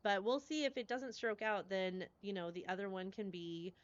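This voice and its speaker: A woman's voice: mid-range voice, steady tone, moderate pace, clean tone, muffled recording. A woman streamer chatting live with her viewers, effusive and gushing as she thanks them, and rambling between topics. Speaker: horror game streamer.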